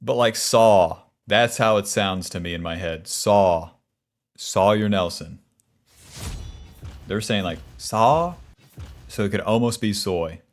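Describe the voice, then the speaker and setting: Male streamer, lower register, swears freely, wry and grumbly, casual chat while playing. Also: moderate pace, faint music behind.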